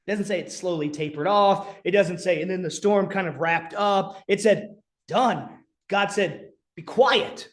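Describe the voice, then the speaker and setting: Guy pastor preaching, kinda high voice, earnest, goes real quiet for effect sometimes. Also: a little slow. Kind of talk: sermon.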